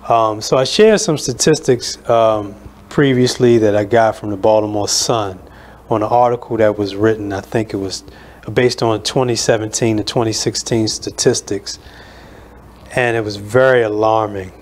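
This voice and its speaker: A man hosting a radio talk show, speaking in an earnest, measured way with many fillers. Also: on the low side, fairly even intonation, slight background noise.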